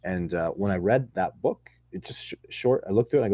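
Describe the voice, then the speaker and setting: A man's voice: low voice, animated, quick pace, few pauses, dark tone, dry recording. A man answering viewer questions in a casual live chat, rambling and enthusiastic with many restarts. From not from Texas.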